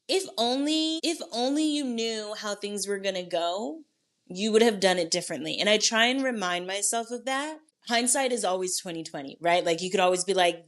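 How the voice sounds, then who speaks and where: A woman's voice: mid-range voice, a bit bright. A young woman hosting a wellness podcast, talking casually and playfully to listeners, encouraging them and swearing now and then. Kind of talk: casual solo podcast talk.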